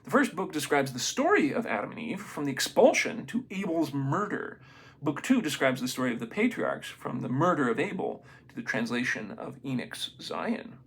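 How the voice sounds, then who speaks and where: A man reading a book aloud in a casual, unprofessional way, stumbling over names and adding excited comments of his own. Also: mid-range voice, gravelly, breathy edge. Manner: reads haltingly, stumbles on names, adds excited asides. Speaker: amateur reader of a book.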